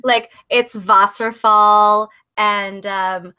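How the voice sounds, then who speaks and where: Bright-voiced woman guest. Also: mid-range voice, steady tone, very slow, clean tone. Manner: enthusiastic, explaining at length. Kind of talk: casual conversation.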